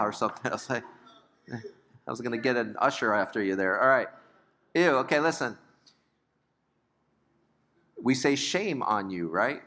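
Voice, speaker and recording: Brief: older male Bible teacher, chatty and questioning, crisp bright tone. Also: medium pitch. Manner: conversational, asks the class questions, joking asides.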